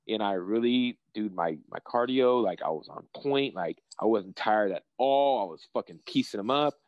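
A young man, a professional fighter, chatting casually in an interview and telling rambling, excitable, profane stories. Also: on the low side, normal speed, hardly any pauses, dry recording, poor audio.

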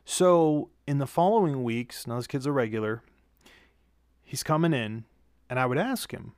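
Man, tired, rambling casual story, profane, self-correcting, average pitch, dry close mic. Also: lively intonation, normal speed, a little mellow, no room sound. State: tired after work. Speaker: vlogger telling a story. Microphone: handheld studio mic with pop filter.

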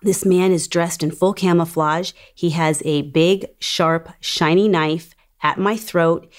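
A woman who survived an attack, calmly telling her story as personal testimony. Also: fairly low pitch. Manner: calm, measured storytelling.

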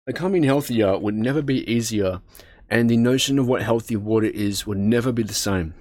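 This man has a lowish, slightly mellow voice and reads fairly quickly, tripping over words and fixing them as he goes. Between passages he breaks off for casual asides, cursing and chuckling at his own mistakes. The sound is clean studio quality with no echo.

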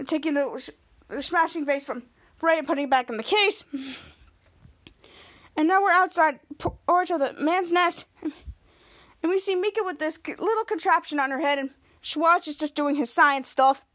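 A woman's voice: high-pitched, moderate pace, a bit bright. A woman podcast host casually recapping a TV episode scene by scene, often restarting her sentences. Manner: scene-by-scene retelling with frequent restarts.

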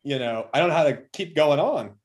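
A man's voice: fairly high pitch, brisk. A man co-hosting a movie recap podcast, chatting casually and cursing often, acting out the characters' lines as he retells scenes. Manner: profane, animated retelling with quoted voices. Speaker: podcast co-host.

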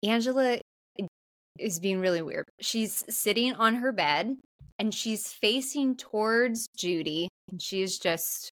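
A woman's voice: medium pitch, animated, slow pace, a bit bright, dry recording. A woman co-hosting a podcast, recapping a movie in casual, chatty talk with plenty of fillers and some swearing. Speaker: podcast co-host.

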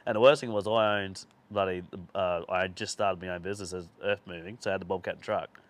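A man's voice: low-pitched, steady tone, fast. A man hosting a podcast, telling a long, rambling anecdote in casual chat, swearing freely and laughing through his stories. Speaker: podcast host.

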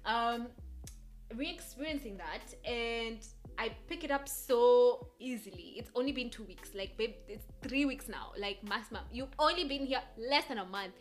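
Soft background music plays as a young Kenyan podcast host chats casually on her own, her Kenyan accent drifting American. Her voice is slightly high and her speed normal; she rambles, jumps between ideas, and laughs a lot.

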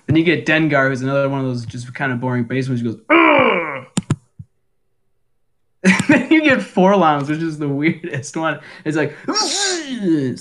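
A young man chats on a home-recorded podcast with a bright, slightly high voice. He keeps laughing as he tries out short grunts and cries. A faint noise sits under the recording. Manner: laughs often, doing quick grunts and death-cry impressions. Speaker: podcast co-host. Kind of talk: casual podcast chat. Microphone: home microphone.

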